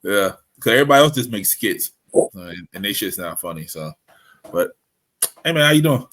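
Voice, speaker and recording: A man's voice: on the low side, big pitch swings, brisk, a bit bright. A man co-hosting a podcast, chatting casually and joking around with his best friend. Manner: playful, joking banter. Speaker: podcast co-host. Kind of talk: casual chat. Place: away from usual studio.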